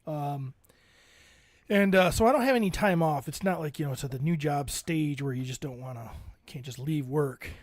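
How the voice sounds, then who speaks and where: A man's voice: a little high, normal speed, no echo, studio quality. A man in his forties, a podcast co-host, telling a long story to friends and acting out the voices he quotes. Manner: animated storyteller, acts out quoted voices, laughs often. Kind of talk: casual storytelling among friends.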